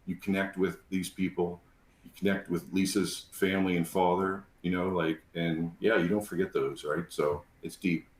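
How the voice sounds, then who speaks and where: Deep-voiced man in an echoey room. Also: little pitch movement, normal speed, a little hiss or hum. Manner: heartfelt, many fillers. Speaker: panelist, program graduate. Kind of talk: casual panel talk.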